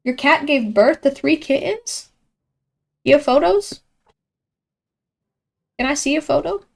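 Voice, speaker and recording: A young woman giving live esports commentary in a chatty, excitable way, reacting loudly to each play. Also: high voice, slow, gravelly. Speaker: esports caster.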